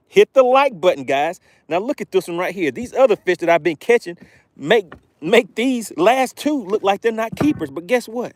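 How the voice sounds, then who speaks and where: Excitable man hosting a fishing stream. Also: sits high, moderate pace, dry recording. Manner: excitable, playful catchphrases. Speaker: fishing livestream host. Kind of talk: live fishing stream commentary. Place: outdoors on a fishing boat.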